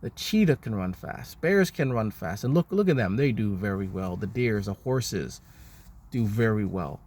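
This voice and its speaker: A man's voice: lowish voice, animated, normal speed, a little mellow. A man, the host of his own channel, delivering a repetitive, contemptuous rant that stumbles over its words. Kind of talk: ranting monologue.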